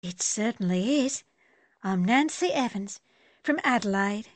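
A woman's voice: medium pitch, lively intonation, a little slow, dry recording, lightly acted. Woman doing a giggly young nurse. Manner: giggly, chatty.

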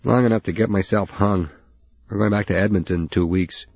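A husky-voiced man reading as a cocky, mocking young man. The voice sits a bit higher than the narration and sounds dry and dull. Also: steady tone, brisk, a little mellow, no echo. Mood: teasing. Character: teasing young man, older brother.

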